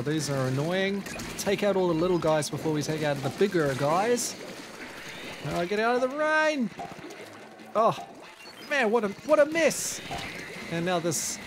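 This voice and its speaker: A man with a New Zealand accent commentating his own gameplay, excitable, with frequent exclamations and self-deprecating asides. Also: fairly high pitch, background noise. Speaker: gaming YouTuber. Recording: game music playing underneath.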